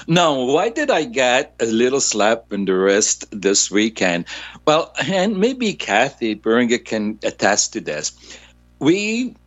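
Lively chuckling man telling a story. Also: mid-range voice, slow, pauses often, dull audio. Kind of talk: casual chat.

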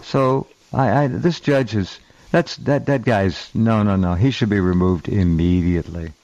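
A man's voice: on the low side, a little slow, darkish tone, no echo, muffled recording. A man hosting a talk show, speaking emphatically with hesitant starts.

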